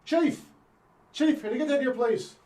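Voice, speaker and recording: A man's voice: very high-pitched, normal speed, dark tone, pitched above the performer's own voice. A man playing a fussy, chatty priest aboard a space station in an improv scene, in a mock Irish accent.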